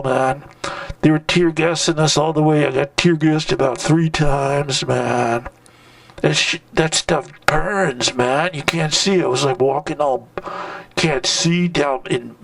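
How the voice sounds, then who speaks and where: A man's voice: on the high side, vocal fry, no room sound. A man in his sixties telling a rambling personal story in loose hippie slang, often ending phrases with "man". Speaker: narrator recalling a protest. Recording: distant mic, dry sound.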